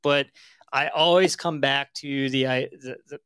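A man who is a guest on a studio podcast, wheezing audibly as he speaks, with a hesitant, apologetic manner and a creaky headset mic. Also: medium pitch, fairly even intonation, unhurried, fairly bright tone, no room sound. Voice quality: wheezy breathing. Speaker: guest business owner. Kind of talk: casual podcast conversation.

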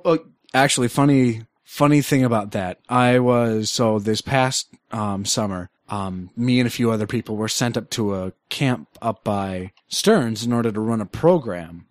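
A man's voice: medium pitch, no echo, clean studio sound. A man from Minnesota, chatting casually and telling a jokey story. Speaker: podcast guest. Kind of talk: casual chat.

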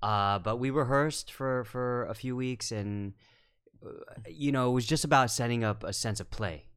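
A man, a film director guest on a casual podcast, talking in a measured, thoughtful way with many fillers and restarts. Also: medium pitch, a bit bright, smooth.

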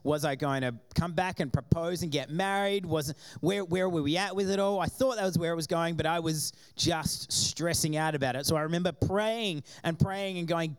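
A high-voiced man from Australia preaches to a church congregation. He tells personal stories in a lively way and plays out the voices of the people in them. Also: moderate pace, hardly any pauses, smooth. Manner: animated storytelling, acting out quoted voices. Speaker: pastor.

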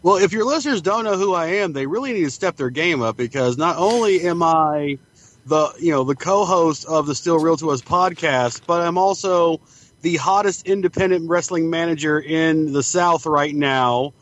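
A man's voice: on the high side, moderate pace, a bit bright. A male podcast guest who talks in a cocky, boastful way. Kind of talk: casual podcast interview. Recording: dull lo-fi sound.

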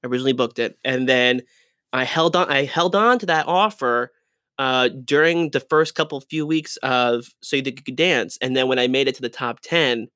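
Young man, chatty interview guest, animated, laughs a lot, dry close recording. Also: medium pitch, normal speed, smooth, no echo. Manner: animated, laughs often, restarts and trails off mid-sentence. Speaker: guest, Broadway dancer and actor. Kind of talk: casual interview storytelling.

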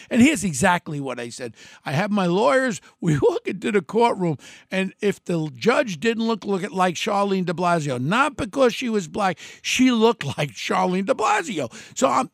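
Older new guy, gravelly and high, swings all over, blunt storytelling. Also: no room sound, clean studio sound. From New York City. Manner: blunt, combative, quotes people in changing voices. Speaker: former mayoral candidate telling a story. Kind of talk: animated storytelling monologue.

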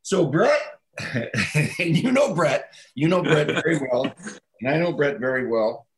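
A man's voice: fairly high pitch, lively intonation, measured pace. A man in his sixties, a former football coach, telling a story in a casual podcast chat and acting out both sides of a phone call.

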